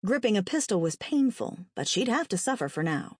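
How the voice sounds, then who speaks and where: A woman reading a dark story aloud with a dramatic, expressive delivery. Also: lowish voice, fairly quick, few pauses, dry recording, studio quality. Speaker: narrator.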